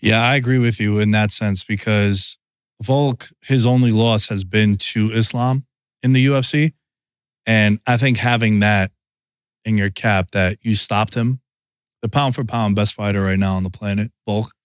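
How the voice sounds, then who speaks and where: A man's voice: fairly low pitch, steady tone, normal speed, clear, resonant tone, no room sound, clean studio sound. A man hosting a podcast in casual sports chat, loose and storytelling. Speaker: podcast host.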